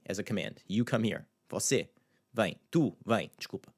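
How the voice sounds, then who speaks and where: Low-voiced man teaching pronunciation. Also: animated. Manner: repeats words slowly to demonstrate pronunciation; loose and conversational, with filler words. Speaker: language teacher. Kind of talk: casual video lesson.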